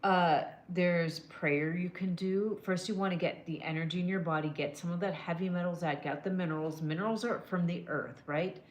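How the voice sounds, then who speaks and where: On a casual livestream, a woman with a lowish voice and steady tone talks at normal speed with hardly any pauses. She does emotional scans, offers direct wellness advice, and answers viewers as "girl" and "my love," recorded in an echoey room with slight background noise.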